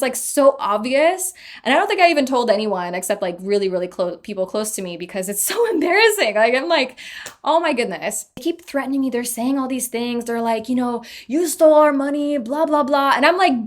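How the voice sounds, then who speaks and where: A young adult woman telling a personal story in a casual vlog, chatty and animated, often laughing at herself. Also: a little high. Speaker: vlogger.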